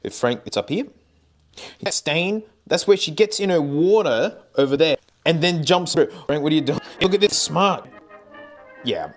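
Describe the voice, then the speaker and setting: A man's voice: a little high, animated, moderate pace, soft background music. A man streaming and vlogging in casual chat, rambling and laughing often.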